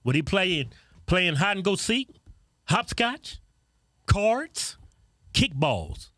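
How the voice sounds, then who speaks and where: A man co-hosting a casual political chat show, joking and mocking with loud bursts of laughter. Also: sits high, big pitch swings, unhurried, dry recording, clean studio sound. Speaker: co-host.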